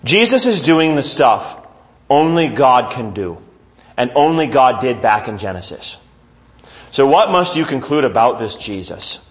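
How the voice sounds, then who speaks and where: A man's voice: medium pitch, big pitch swings, a little slow. A man preaching as pastor, reading scripture aloud and putting questions to his congregation. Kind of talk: sermon.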